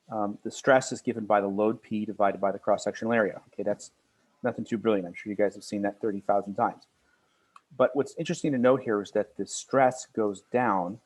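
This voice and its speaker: A man lecturing a university class, earnest and halting, with many fillers and restarts. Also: fairly low pitch, a little mellow.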